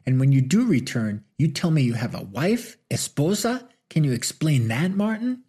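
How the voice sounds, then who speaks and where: A man's voice: on the low side, measured pace, gravelly, darkish tone, husky, full character voice. A man voicing a proud, hurt young woman who speaks in angry, accusing and sarcastic bursts.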